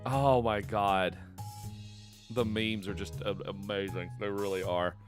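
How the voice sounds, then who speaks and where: A man streaming live, chatting casually, excitable, laughing often and repeating himself as he reacts. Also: on the low side, measured pace, soft background music. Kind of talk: casual livestream chat.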